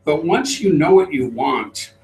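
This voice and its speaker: Animated man telling a story in a roomy hall. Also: a little high, measured pace, a little hiss or hum. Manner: animated storyteller, acts out voices. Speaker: trainer. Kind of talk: storytelling talk to a live group. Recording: roomy, distant mic.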